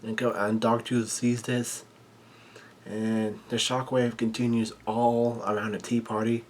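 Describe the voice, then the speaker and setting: A man casually recapping a manga chapter in halting, run-on sentences full of "and" and "uh" fillers. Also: medium pitch, little pitch movement, darkish tone, a little hiss or hum.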